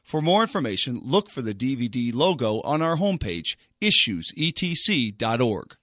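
A man's voice: mid-range voice, sing-song, normal speed, a bit bright, dry recording, studio quality. A man reading a polished, scripted radio promo as the announcer.

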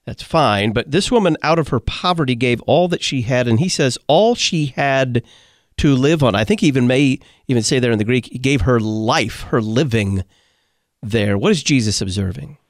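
A man's voice: medium pitch, animated, moderate pace, no room sound, studio quality. A man hosting a religious radio talk show, posing questions to a guest in a conversational way. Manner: conversational, thinking aloud in questions. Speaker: radio host.

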